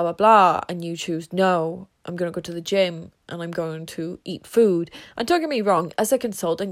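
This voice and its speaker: A woman podcaster and consultant in casual motivational chat, bubbly and rambling, often dropping to a hushed whisper. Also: fairly low pitch.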